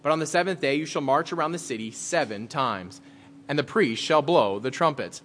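A pastor giving a conversational sermon, reading scripture aloud and then explaining it in plain words. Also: male voice, on the high side, lively intonation, moderate pace, fairly bright tone, slight background noise.

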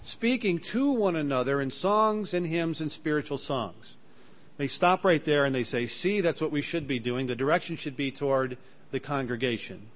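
A man preaching a sermon, plain and earnest, lifting his voice when he reads scripture aloud and slipping into fillers between points. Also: normal speed. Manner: earnest, rises in pitch and volume when reading scripture aloud; plain teaching tone with occasional fillers and restarts.

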